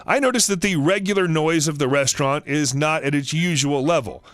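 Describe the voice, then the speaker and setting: A man's voice: fairly high pitch, brisk, a bit bright, no echo. Man reading a reddit story aloud. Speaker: story narrator.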